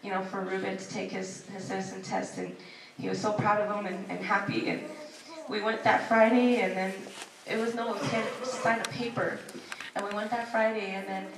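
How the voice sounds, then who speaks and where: A woman's voice: medium pitch, level tone, normal speed, far from the mic. A woman telling family stories at a memorial service, chatty and acting out the voices she quotes, on a handheld microphone. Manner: chatty storytelling, acts out quoted voices, laughs often. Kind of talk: sharing personal stories at a service. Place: packed hall at a memorial service. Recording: echoey hall, speaker off mic, crowd audible.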